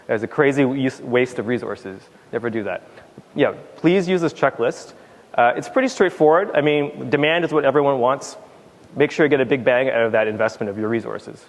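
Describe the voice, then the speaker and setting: A man's voice: medium pitch, fairly quick. A man giving a casual conference talk on stage, emphatic and fond of repeating words for stress. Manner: casual with fillers and restarts. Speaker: conference speaker. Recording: long hall reverb.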